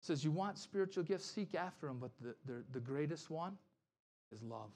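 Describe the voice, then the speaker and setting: A pastor preaching a conversational sermon, acting out quoted voices, often asking "right?" and restarting sentences. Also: male voice, a little high, animated, normal speed, a little mellow.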